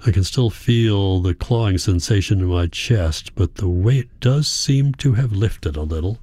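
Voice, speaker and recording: A man reading a first-person story in a quiet, measured narration. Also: lowish voice, no room sound, clean studio sound. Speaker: audiobook narrator.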